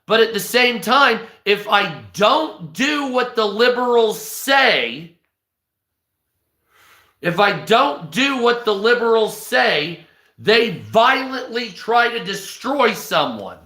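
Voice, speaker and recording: A man's voice: sits high, big pitch swings, slow pace, sharp tone. A man on a livestream, delivering a crude, heavily profane rant and thanking viewers mid-sentence. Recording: echoey room.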